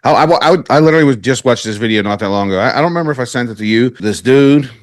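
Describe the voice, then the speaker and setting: A man's voice: mid-range voice, lively intonation, very fast, no echo, clean studio sound. A man hosting a podcast in casual chat, rambling and laid-back, full of filler words. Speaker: podcast host.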